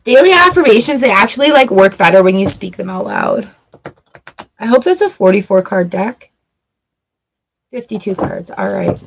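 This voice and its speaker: A middle-aged woman hosts a live tarot stream in a loose, chatty way, often breaking into giggles. Her voice sits at an ordinary middle pitch for a woman. She talks straight to her viewers as she reads out the cards. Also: wildly swooping pitch, normal speed, vocal fry, long pauses, low-quality recording. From Canada. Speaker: tarot reader livestream host.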